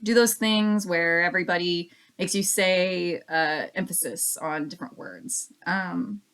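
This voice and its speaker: A woman doing a casual oracle card reading for her viewers, chatty and repeating each affirmation slowly. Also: on the low side, fairly bright tone, clean tone. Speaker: card reader.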